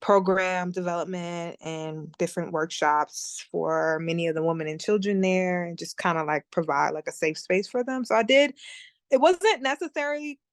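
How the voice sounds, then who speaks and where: A young woman talks through her story in a relaxed, easy way, with lots of fillers and frequent laughs. Her voice sits a little low, and the recording is dry and close. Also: moderate pace, clear, resonant tone, dry recording. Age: young adult. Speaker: guest. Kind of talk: casual interview chat.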